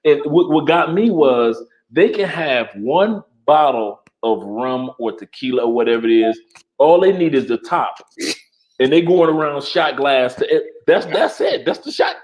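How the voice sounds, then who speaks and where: A man's voice: mid-range voice, unhurried, lo-fi sound. A man in a casual chat, reflecting on family and travel and often repeating words as he gathers his thoughts.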